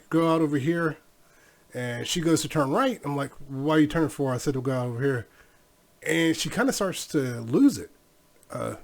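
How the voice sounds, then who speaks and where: Blunt, rambling middle-aged man. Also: a little high. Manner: blunt, rambling storytelling with fillers. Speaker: podcast host. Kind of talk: casual solo podcast monologue.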